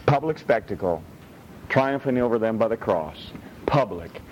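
A male pastor preaching a sermon, blunt and animated, swinging between high and low. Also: normal speed. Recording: dull lo-fi with faint rumble.

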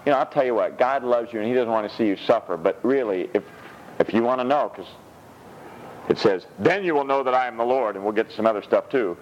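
A man preaching a sermon in a church, reading scripture with animated, rising delivery. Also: quick pace, lo-fi sound, a little hiss or hum. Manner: animated, rises high when reading scripture.

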